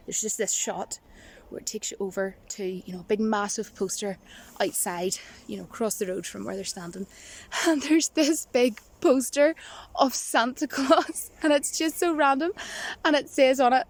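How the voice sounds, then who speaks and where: Chatty, giggly woman vlogger. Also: on the high side. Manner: rambling, giggly, self-mocking; admits to nerves on camera. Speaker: movie vlogger. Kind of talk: casual chat to camera.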